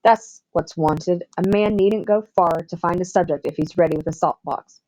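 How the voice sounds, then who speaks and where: A woman's voice: lowish voice, normal speed, warm tone, natural voice, rough recording. A woman with a Southern US accent voicing a pompous, self-satisfied older man who lectures at the dinner table. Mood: pompous lecturing.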